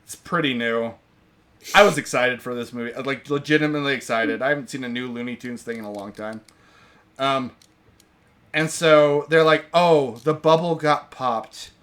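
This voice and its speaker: A man's voice: mid-range voice, moderate pace, fairly bright tone. A man hosting a casual podcast, ranting in an exasperated, sarcastic way. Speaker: podcast host reviewing movies. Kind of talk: casual chat.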